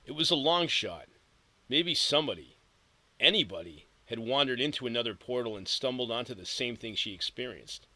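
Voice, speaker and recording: A man narrating an audiobook in a steady storytelling read with vivid emphasis. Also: medium pitch, a little fast, no echo, low-quality recording.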